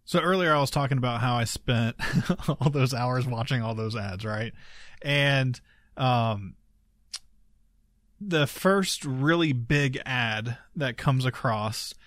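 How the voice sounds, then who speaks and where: A man's voice: medium pitch, takes it slowly, a bit bright, no room sound. Casual male co-host, dry close sound. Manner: conversational, laughs often, storytelling. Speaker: podcast co-host. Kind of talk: casual chat.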